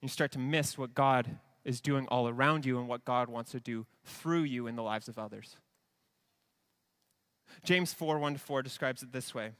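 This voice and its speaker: A man's voice: a little high, lively intonation, normal speed, a bit bright. A man preaching a sermon to a congregation, earnest, with quoted asides and restarts. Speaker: pastor.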